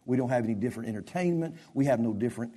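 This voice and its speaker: A man preaching a sermon as pastor, with impassioned delivery that swings between loud and soft. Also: mid-range voice, lively intonation, very fast, breathy edge.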